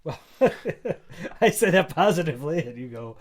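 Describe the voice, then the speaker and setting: A man co-hosting a podcast, chiming in with quick agreement and chuckles in casual chat. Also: a little high, animated. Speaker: podcast co-host.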